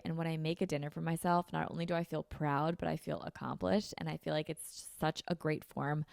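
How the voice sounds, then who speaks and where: A woman's voice: deep voice, creaky, darkish tone, dry recording, studio quality. A young woman hosting a solo podcast, talking casually and upbeat with lots of fillers. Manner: chatty, filler-heavy, upbeat self-help talk. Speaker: podcast host. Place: her apartment.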